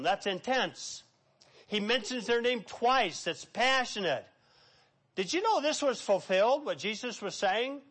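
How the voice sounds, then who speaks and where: High-pitched preacher guy giving a sermon, dramatic, reads verses out loud. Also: big pitch swings, measured pace, breathy edge. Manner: preachy, dramatic, reads scripture aloud, acts out quotes. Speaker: pastor.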